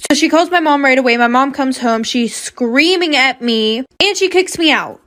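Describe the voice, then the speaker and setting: Young woman, high voice, casual storytime teller, blunt and slangy. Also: brisk, few pauses, fairly bright tone. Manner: chatty, slangy, blunt with cursing.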